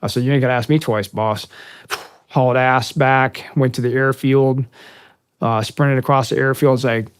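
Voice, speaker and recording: A man's voice: mid-range voice, fairly even intonation, normal speed, clear, resonant tone. A middle-aged American man, a military veteran, telling war stories in a casual interview, with many fillers and acted-out dialogue. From United States. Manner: conversational, many fillers, acts out quoted dialogue.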